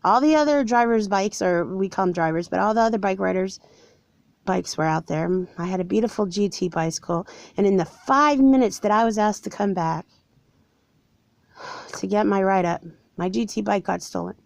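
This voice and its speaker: A woman's voice: medium pitch, normal speed, vocal fry, darkish tone, no echo. Woman about 40 telling her viewers how she got wronged, earnest, kinda aggrieved, dry voice no room sound. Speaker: vlogger telling her own story. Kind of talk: casual personal storytelling to viewers. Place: somewhere cold.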